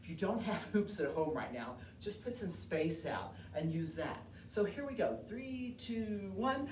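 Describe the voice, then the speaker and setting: A woman's voice: mid-range voice, expressive, a little slow, few pauses, darkish tone, slight background noise. A woman who teaches elementary music, leading a movement lesson and singing scale notes and counts aloud. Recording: echoey room heard from a distance.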